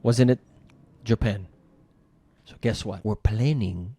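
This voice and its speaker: A man's voice: on the low side, slow, long pauses, dark tone, slightly rough. A man co-hosting a video reaction show, chatting casually and animatedly, often stammering and repeating words. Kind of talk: casual chat.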